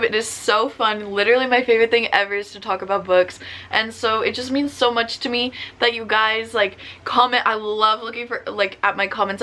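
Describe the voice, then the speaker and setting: Young woman chatting about books, bright voice, gushy, says like a lot. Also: mid-range voice. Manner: chatty, gushing, lots of "like" fillers. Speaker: book vlogger. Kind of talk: casual book review chat.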